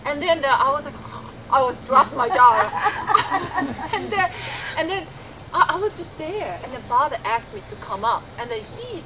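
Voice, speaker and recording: A woman giving a personal testimony to an audience, telling the story in an animated way, laughing often and restarting her sentences. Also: high voice. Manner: halting, with many restarts. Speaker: testimony speaker. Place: event hall with an audience. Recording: live talk with loud crowd and noise.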